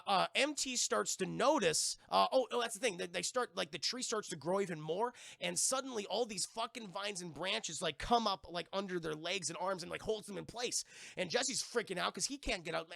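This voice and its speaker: A man with a high, gravelly voice gives a live-streamed episode review, talking straight to his chat. He recaps the scenes with constant swearing and jumps into the characters' lines as he goes. His tone is bright and edgy, and the sound is close and dry. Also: no room sound. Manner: animated, profane recap that acts out the characters' lines; addresses the stream chat directly.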